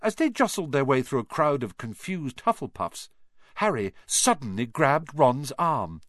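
Man reading a kids story, super expressive, mid voice, dry close mic. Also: medium pitch, unhurried, no echo. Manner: animated, expressive. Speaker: audiobook narrator. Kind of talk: scripted storybook narration.

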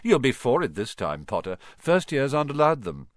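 A man's voice: mid-range voice, sing-song, moderate pace, no room sound, studio quality, natural voice. A man voicing a spiteful, jealous schoolboy bully who sneers and snaps. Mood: sneering. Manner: sneering, snapping.

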